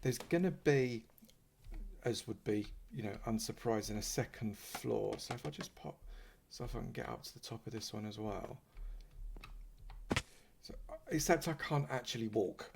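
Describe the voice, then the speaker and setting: A man's voice: on the low side, moderate pace, gravelly, pauses often, noisy background. A man, giving casual, playful commentary while playing Minecraft and thanking supporters. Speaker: Minecraft YouTuber.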